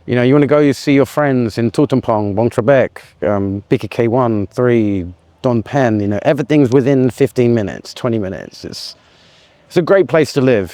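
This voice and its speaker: A man from the United Kingdom, chatting casually as an interview guest, easygoing and quick to laugh. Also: medium pitch, animated, warm tone, dry recording. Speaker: guest, expat business owner.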